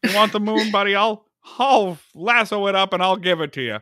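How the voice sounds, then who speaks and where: A man's voice: high-pitched, fairly quick, pushed and bright, no echo, studio quality, voice pushed up. A man putting on an exaggerated, stammering drawl of an old-film leading man. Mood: wooing.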